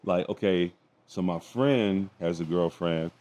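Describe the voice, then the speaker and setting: A man with a lower-than-average voice talks in a laid-back way as he co-hosts a casual chat. He tells stories and slips into the voices of his family as he talks. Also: measured pace. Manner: relaxed storytelling, acts out family dialogue. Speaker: podcast co-host.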